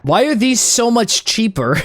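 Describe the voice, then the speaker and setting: A man's voice: high-pitched, sing-song, unhurried. Stammering, jokey male game streamer. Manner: jokey, stammers and repeats words, bursts into loud squeals. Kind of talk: comedic gameplay commentary.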